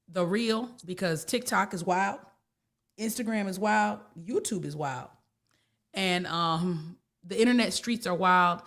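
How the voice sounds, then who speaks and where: A woman spiritual teacher, talking casually in a blunt, folksy way and repeating herself for emphasis. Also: mid-range voice. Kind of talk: casual talk.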